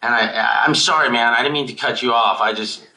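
A film director answering audience questions over a video call, rambling and emotional, swearing casually. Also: male voice, medium pitch, quick pace, bright, forceful tone, poor audio.

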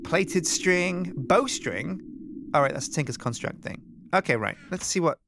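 Lively higher-pitched man narrating a game. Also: unhurried, creaky, slight background noise. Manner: animated, rambling, thinking aloud. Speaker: host. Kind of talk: let's play banter.

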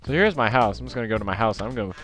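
A man's voice: mid-range voice, lively intonation, rapid-fire, fairly bright tone, faint music behind. A man giving casual, jokey let's play commentary over a video game. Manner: jokey, self-mocking.

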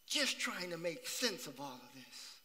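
A pastor preaches a sermon in a church sanctuary, his fairly high voice very animated and sharp-toned at a measured pace. He repeats phrases for emphasis and puts questions to the congregation, and the recording carries the long reverb of a church hall.

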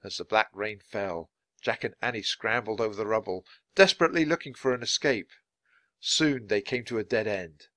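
A man reading a children's storybook aloud in a clear, measured way for learners. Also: lowish voice, fairly bright tone, no room sound. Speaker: storybook reader. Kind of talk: children's book read-aloud.

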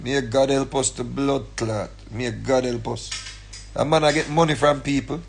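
A man's voice: a little high, a little hiss or hum. A man with a Jamaican accent, angrily ranting on a live stream, repeating himself and preaching. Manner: angry, repetitive, preachy. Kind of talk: ranting commentary.

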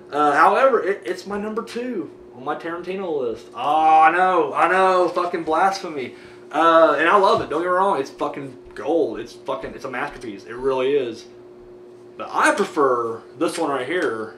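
A young man talking about his movie collection in a loose, excitable ramble, swearing a lot and piling up fillers. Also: on the high side, far from the mic, a little hiss or hum. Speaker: DVD collection vlogger. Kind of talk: casual profane movie chat. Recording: roomy audio from a camera mic set back.

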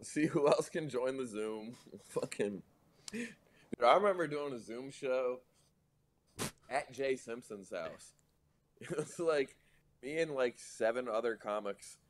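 A man's voice: medium pitch, lively intonation, slow, long pauses. A man co-hosting a comedy podcast over a call, chatting casually, joking crudely and laughing often.

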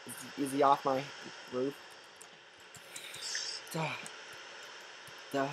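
A man doing goofy, rambling solo game commentary with sudden yelling outbursts. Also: mid-range voice, little pitch movement, extremely slow, background noise. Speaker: gameplay commentator.

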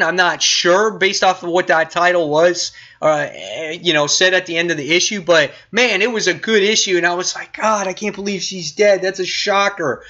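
A man's voice: on the high side, pushed and bright, highs cut off. A man casually reviewing comic books, retelling scenes with quoted lines and lots of fillers.

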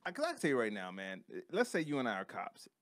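A man co-hosting a podcast, talking in an emphatic, animated way and calling his co-host bro and man. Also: mid-range voice, fast talker, no room sound, studio quality. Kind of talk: casual podcast chat.

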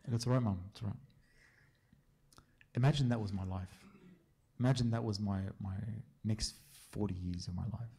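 Fielding questions from a church group, a priest talks casually and tells stories, frequently pausing for a quick "yeah?" with his listeners. His voice is lowish, mellow, and husky.

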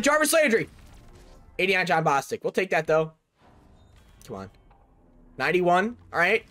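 A young man narrating a video game pack opening, excited and chatty, calling out each card and shouting over big pulls. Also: a little high. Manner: hyped, shouts over big pulls, says "bro" a lot. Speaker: gaming YouTuber.

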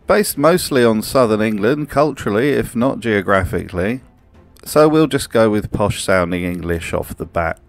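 A man's voice: fairly low pitch, lively intonation, normal speed, vocal fry, soft background music. Dry, sarcastic male narrator. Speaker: host. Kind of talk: comedic video essay narration.

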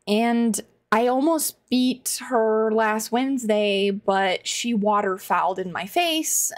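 A woman streaming a game and chatting casually with her viewers. Her voice sits fairly high and she talks at an unhurried pace. She laughs often and cries out loudly at the game. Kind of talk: casual live-stream chat while gaming.

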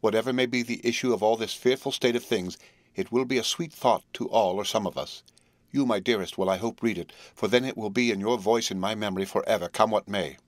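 A solemn young wife who has accepted her fate speaks tenderly and earnestly to the men she loves, as a male reader gives her voice. The voice sits low and close, with no room around it. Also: brisk, dry recording, lightly acted. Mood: solemn, pleading. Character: devoted young wife facing death, solemn.

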